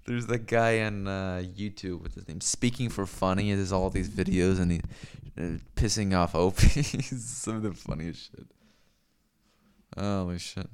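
A man's voice: sits low, unhurried, smooth. A man streaming live, rambling profanely and forgetfully between comic bits. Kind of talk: casual ranting livestream.

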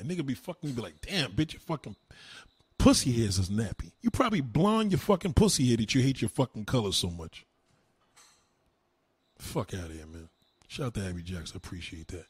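Loud, heated man ranting to chat. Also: mid-range voice, slightly rough, no echo. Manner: loud, profane, heated, animated. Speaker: online streamer. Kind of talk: profane rant to a live chat.

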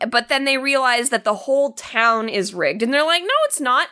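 A woman's voice: a little high, moderate pace, pushed and bright. A woman co-hosting a casual chat, recapping a horror film and acting out the characters' lines with swearing. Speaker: podcast co-host.

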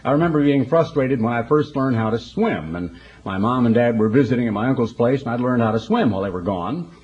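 A man's voice: medium pitch, lively intonation, brisk, lo-fi sound. A man preaching a broadcast sermon in a folksy, conversational storytelling manner.

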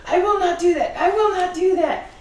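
A woman doing a prim English prince, squeaky and shocked. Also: normal speed. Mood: indignant. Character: male prince, posh, prim, morally indignant. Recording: roomy, distant mic, faint hum.

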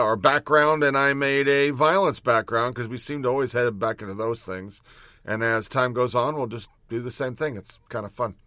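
A man's voice: mid-range voice, pushed and bright, no room sound, clean studio sound. A man in his thirties hosting a show with blunt, casual commentary and frequent filler words. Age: 30s. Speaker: show host.

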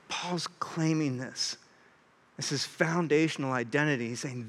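A young man preaching a sermon, earnest and animated, sometimes acting out what others say. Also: on the high side, a little slow. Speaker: pastor.

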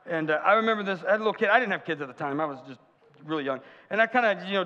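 In a church sanctuary, a pastor with a sharp, high-pitched voice races through a conversational sermon. He throws in jokes and questions for the audience, and muffled hall reverb colors the recording.

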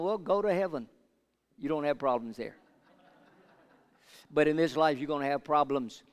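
An older man preaching a sermon, moving from quiet Bible teaching to loud call-and-response with the congregation. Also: on the high side, normal speed, long pauses, clear, resonant tone. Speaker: pastor. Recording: long hall reverb.

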